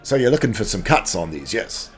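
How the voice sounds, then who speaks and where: A man's voice: on the low side, sing-song, a little fast, a bit bright. A man voicing a young hipster dwarf gem cutter, trendy and self-assured, with a breezy surfer-ish drawl. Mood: businesslike. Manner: breezy and boastful about new styles.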